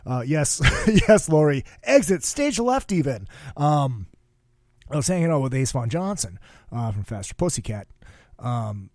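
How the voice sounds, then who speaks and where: A man's voice: mid-range voice, lively intonation, unhurried, darkish tone, dry recording, clean studio sound. A man from the upper Midwest hosting a podcast, telling long rambling stories full of swearing. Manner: profane, rambling storyteller. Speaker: podcast host. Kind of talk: casual podcast chat.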